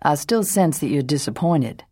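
A woman's voice: low voice, lively intonation, normal speed, mellow, dry recording. A woman voicing a proper, nervous young man who speaks in a hesitant, cautious way.

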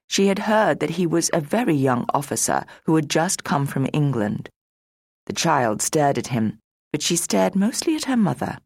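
A woman narrating a classic storybook in a measured, expressive reading. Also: deep voice, no room sound, studio quality.

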